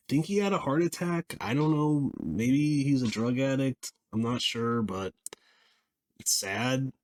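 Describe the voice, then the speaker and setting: A man giving a casual spoken film review, rambling and halting, with frequent restarts and small laughs. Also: mid-range voice.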